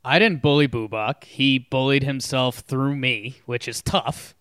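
A man's voice: medium pitch, a little slow, a bit bright, clear, resonant tone, no echo, studio quality. A man co-hosting a podcast in casual chat, playful and rambling as he spins a story. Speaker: podcast co-host.

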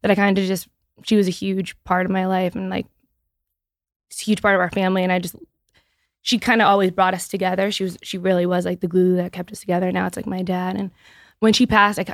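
A business founder in her thirties from the Boston area speaks as a guest in a casual podcast interview. She's candid and animated, often restarting sentences and saying "like," in a creaky, mid-range voice. The recording is dry with clean studio sound.

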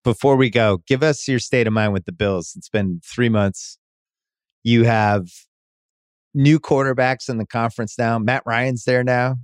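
A man's voice: medium pitch, measured pace, no echo, studio quality. Easygoing male podcast host. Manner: easygoing, teasing, asks long questions. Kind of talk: casual sports chat.

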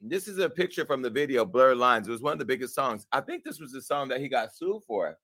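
Gossip host, man, bright forceful voice, sassy and profane, dry close sound. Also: medium pitch, quick pace, no room sound. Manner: sassy, profane, animated, laughs at himself. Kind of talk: brash gossip commentary.

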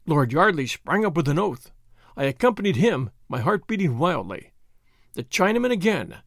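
Male narrator, expressive, measured, lively pitch, dry close sound. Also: gravelly, no echo. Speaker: audiobook narrator. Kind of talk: scripted narration.

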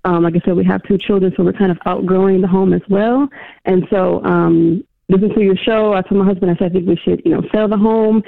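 A woman calling into a radio show, explaining her situation hesitantly with many pauses and fillers. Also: mid-range voice, fairly even intonation, creaky, no echo. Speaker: caller. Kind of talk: phone-in question. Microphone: phone. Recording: tinny phone line.

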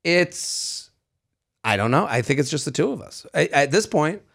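Animated, gravelly thirty-something man chatting. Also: fairly high pitch, moderate pace. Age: 30s. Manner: animated storyteller, swears freely, acts out quoted dialogue. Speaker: podcast co-host. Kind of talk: casual chat.

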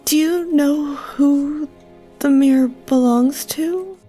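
A woman's voice: sits high, slow pace, warm tone, faint music behind, voice pushed up. A woman playing an earnest young female adventurer who speaks hesitantly and anxiously.

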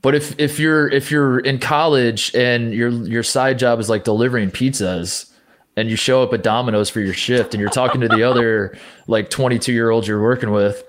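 A man's voice: medium pitch, steady tone, moderate pace. A young man co-hosting a podcast, telling stories in a rambling way full of restarts and stammers. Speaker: podcast co-host. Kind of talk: casual chat.

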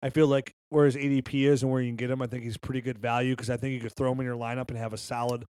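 A hoarse man co-hosting a sports podcast, rattling off player stats and rankings in casual chat, his voice giving out. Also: mid-range voice, flat delivery, rapid-fire, a little mellow, no echo, studio quality. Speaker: podcast co-host.

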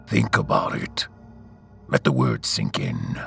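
A man voicing a grave, weary older male captain in an audio story, speaking deep, slow and half-whispered. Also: huge pitch swings, vocal fry, soft background music, full character voice.

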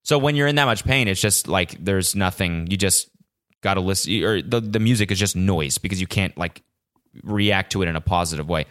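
Young male podcast host, low voice, animated, swears a lot, casual storytelling. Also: a little fast. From California. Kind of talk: casual solo podcast monologue.

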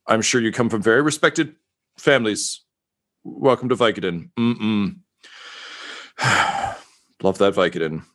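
A man's voice: on the low side, a little slow, long pauses, fairly bright tone. A man voicing an agitated but sheepish male announcer who stammers through an apology.

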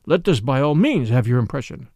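A man's voice: mid-range voice, big pitch swings, a little fast, a little mellow, no room sound, clean studio sound, voice pushed down. A man voicing a police commissary who speaks in a soothing, apologetic and formal way in an audiobook.

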